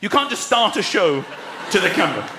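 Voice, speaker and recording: A man in his thirties performing a stand-up comedy routine, acting out exasperated voices and shouting lines. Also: high-pitched, big pitch swings, fairly quick. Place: large theatre stage before a live audience. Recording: roomy live theatre with crowd laughter.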